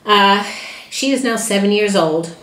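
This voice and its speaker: A woman's voice: medium pitch, measured pace, a bit bright, reverberant. A woman who trains dogs, giving plainspoken advice to puppy owners with frequent "uh" fillers and restarts. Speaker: dog trainer and breeder. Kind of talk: informal talk to puppy owners.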